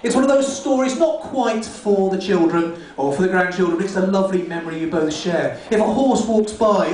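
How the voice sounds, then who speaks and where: Stand-up comic, high-pitched, rude and rambling, live from a very echoey club, mic distant. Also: male voice, a little fast, hardly any pauses, darkish tone. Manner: rambling, rude, self-mocking. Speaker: stand-up comedian. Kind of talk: stand-up comedy set. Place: comedy club stage. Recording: echoey club room from far off.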